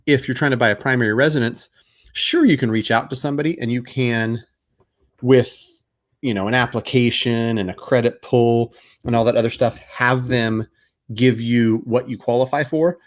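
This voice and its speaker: A man's voice: medium pitch, fairly even intonation, moderate pace. A man hosting a casual live Q&A as a mortgage broker, explaining loans in a conversational way with frequent fillers and restarts. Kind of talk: casual live Q&A answering viewer questions.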